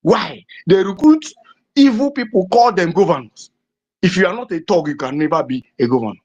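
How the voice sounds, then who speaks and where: Fervent Nigerian man with a lively pitch. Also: brisk. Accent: Nigerian English. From southeastern Nigeria. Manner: fervent, emphatic, repetitive rhetoric. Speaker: political activist. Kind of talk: impassioned political address. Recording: dull lo-fi recording.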